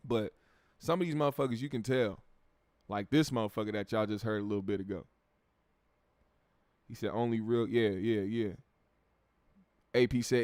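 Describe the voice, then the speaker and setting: A man's voice: medium pitch, moderate pace, pauses often, dry recording, clean studio sound. An American man hosting a casual livestream, reading viewer comments aloud in a laid-back, profane way and repeating words while he thinks. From United States.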